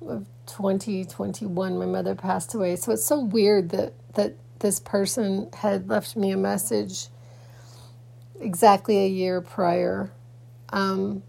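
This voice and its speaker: A woman's voice: mid-range voice, gravelly, mellow. A woman podcaster talking in a casual personal vlog, rambling with many restarts and fillers, sleepy and yawning early in the morning.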